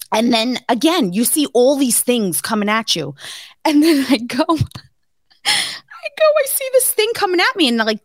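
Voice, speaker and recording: Animated, laughing woman telling stories. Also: fairly high pitch. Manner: animated storyteller, swears freely, laughs often. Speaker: podcast co-host. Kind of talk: casual chat.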